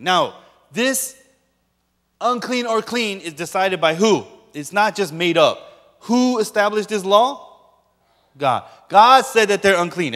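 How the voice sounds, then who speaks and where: A man's voice: high voice, fairly bright tone, big-room sound. A man preaching a sermon as a pastor, emphatically questioning his listeners and repeating key points.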